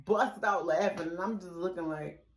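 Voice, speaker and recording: Animated young woman in an echoey room. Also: fairly low pitch, moderate pace. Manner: animated, profane, swings between loud exclamations and hushed asides. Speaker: storytime vlogger. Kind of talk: casual storytelling.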